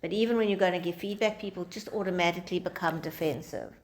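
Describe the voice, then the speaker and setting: A woman's voice: fairly low pitch, fast. A woman teacher giving an informal lecture to a small group, talking conversationally and acting out quoted dialogue in different voices.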